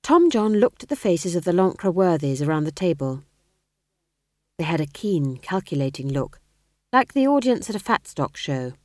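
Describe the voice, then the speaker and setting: A woman reading a novel aloud as narrator, with an expressive, wry storytelling manner. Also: on the low side, normal speed, no room sound, studio quality. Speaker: audiobook narrator. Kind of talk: scripted narration.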